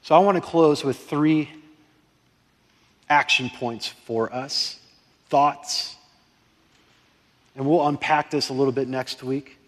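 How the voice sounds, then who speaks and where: A man preaching a sermon as pastor, passionate and excitable, swinging between loud fervent prayer and hushed urgency. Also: medium pitch, slow pace, pauses often. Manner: impassioned, rising to near-shouting prayers, then dropping quiet. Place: church sanctuary. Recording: long hall reverb.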